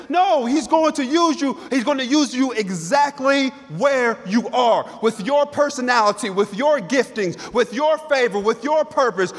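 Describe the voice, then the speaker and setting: High-pitched guy pastor preaching hard, repeats himself for emphasis, big echoey hall. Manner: fervent, repetitive, emphatic preaching. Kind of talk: sermon. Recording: long hall reverb.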